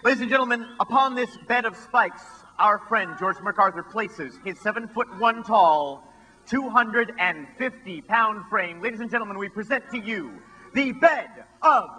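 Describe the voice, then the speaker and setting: A man's voice: high voice, lively intonation, moderate pace, pushed and bright, low-quality recording. A man presenting a stunt on a stage before a live audience, with dry, sarcastic patter aimed at the crowd.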